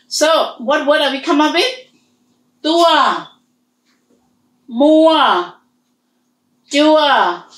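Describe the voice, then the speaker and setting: Woman teacher, higher voice, talks super slow, repeats every sound, echoey room. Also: fairly bright tone, far from the mic. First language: Hmong. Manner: slow, careful, repeats sounds and words for students. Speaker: language teacher. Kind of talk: slow online language lesson.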